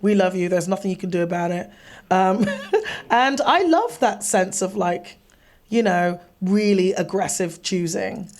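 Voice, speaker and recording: A woman's voice: medium pitch, measured pace. An English woman, a guest artist, chatting casually in an interview and acting out bits of conversations with a laugh. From England. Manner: animated, acts out voices, laughs often. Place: live event venue in front of an audience.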